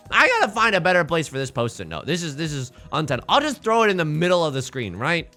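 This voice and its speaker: A young man giving casual gameplay commentary as a let's play host, swinging between fretting mutters and excited outbursts. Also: on the high side, quick pace, soft background music.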